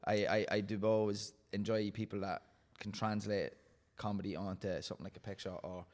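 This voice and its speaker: A man's voice: lowish voice, little pitch movement, fairly quick. A man hosting a casual podcast interview, talking in a rambling, stop-start way and repeating words as he goes. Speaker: podcast host and coach.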